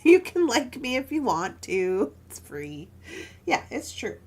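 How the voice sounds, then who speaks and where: A woman's voice: sits high, very animated, a little slow. A woman casually chatting while she crafts jewelry on a live stream, telling stories with frequent laughs and asides.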